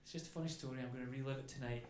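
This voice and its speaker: A man's voice: medium pitch, fairly even intonation, rapid-fire, a little mellow. A man doing a stand-up comedy routine on a club stage into a handheld mic, chatty, adding "okay?" after his lines. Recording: echoey club with faint ambience.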